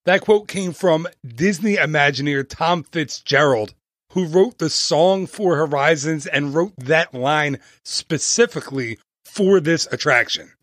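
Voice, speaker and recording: A man's voice: a little high, unhurried, a bit bright, no room sound. A man hosting a travel podcast, talking casually and playfully with jokey asides and tangents, into a close mic.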